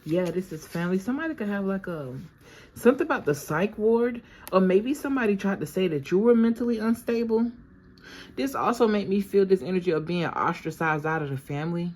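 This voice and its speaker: A woman's voice: medium pitch, lively intonation, brisk, a little mellow. A woman reading tarot cards for her viewers in a casual, slangy, chatty way, talking straight to them. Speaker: tarot reader.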